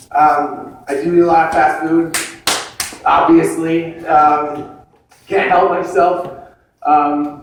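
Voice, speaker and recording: Wry, high-voiced young stand-up in an echoey room. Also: male voice, vocal fry. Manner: wry, self-deprecating storytelling. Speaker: open-mic stand-up comedian. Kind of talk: stand-up comedy set. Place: open-mic comedy room, indoors. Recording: very echoey room, from far off, faint noise.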